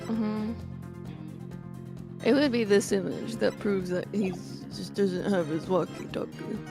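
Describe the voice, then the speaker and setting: A woman's voice: mid-range voice, slow pace, creaky, music in the background. A woman chatting casually as a co-player, hesitant and full of "like", often trailing off. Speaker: co-player and voice acting partner. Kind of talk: casual chat.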